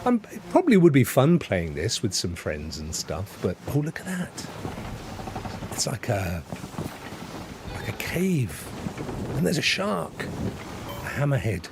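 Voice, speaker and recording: A man's voice: mid-range voice, huge pitch swings, takes it slowly, long pauses, very noisy. A man from England hosting a live stream and chatting loosely while he plays, chuckling often. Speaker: gaming streamer host. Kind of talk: live gameplay commentary.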